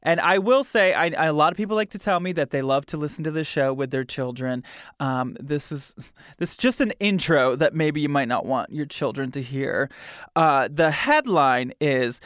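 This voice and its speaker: A man's voice: fairly high pitch, moderate pace, a bit bright, no room sound, studio quality. A man hosting a podcast, chatting casually with amused asides and reading out a news item. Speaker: podcast host.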